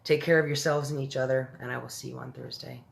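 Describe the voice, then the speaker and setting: A woman's voice: rumbling low, fairly even intonation, fast talker, gravelly. A woman hosting a live-streamed story reading, chatting affectionately with viewers and calling them babe and honey.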